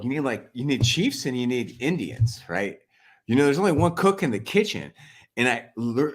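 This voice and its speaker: Man, 40s, family coach, animated storyteller, slightly raspy, wide-ranging pitch. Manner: rambling, animated, heavy use of "like" and "freaking". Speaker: family coach, podcast guest. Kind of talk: casual storytelling interview.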